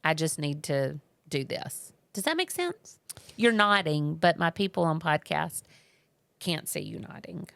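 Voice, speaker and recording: Earnest gravelly-voiced woman podcaster. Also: deep voice, lively intonation, measured pace, fairly bright tone, no room sound. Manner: earnest, personal storytelling. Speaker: podcast co-host. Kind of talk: casual marriage podcast talk.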